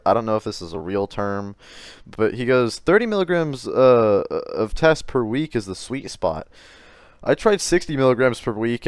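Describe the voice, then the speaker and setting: A man's voice: fairly low pitch, clear, resonant tone, no room sound, studio quality. A man doing commentary on chat messages, exasperated and profane, often stammering and restarting his sentences. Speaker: commentary YouTuber.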